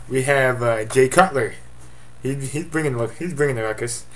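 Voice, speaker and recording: A man gives a casual webcam update as commissioner of his fantasy football league, offhand and rambling with jokey asides. His voice is mid-range and his pace normal.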